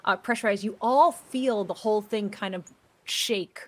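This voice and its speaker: A woman narrating a tabletop role-playing game as game master, describing scenes in an unhurried way with many fillers and restarts. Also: mid-range voice.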